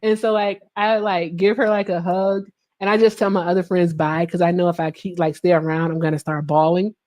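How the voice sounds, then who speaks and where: This woman's voice is on the low side and a little fast as she recounts a story to her livestream chat. She swears a lot, laughs as she goes, and tells it with real animation.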